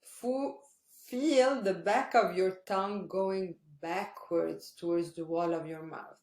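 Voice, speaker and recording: A woman teaching Arabic pronunciation in an online lesson, patiently repeating sounds slowly for practice. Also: on the low side, a little mellow. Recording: roomy echo.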